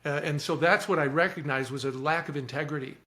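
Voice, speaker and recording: Earnest, fairly high-voiced man. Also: quick pace. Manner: earnest, animated, repeats words when starting thoughts. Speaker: podcast guest, coach. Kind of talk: reflective storytelling.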